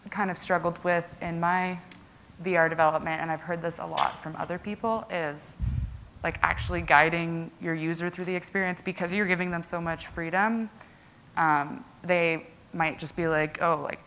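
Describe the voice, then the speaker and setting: A woman's voice: lowish voice, a bit bright, a little hiss or hum. A young woman giving a casual conference presentation to a live audience, chatty and full of "like" and "um". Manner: chatty, lots of "like" and "um" fillers.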